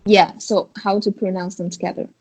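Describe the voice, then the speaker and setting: A woman's voice: medium pitch, little pitch movement, brisk, darkish tone, slightly rough, low-quality recording. A woman teaching Chinese tones online, patiently demonstrating and explaining how each tone moves. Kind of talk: online tone lesson. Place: recorded video call.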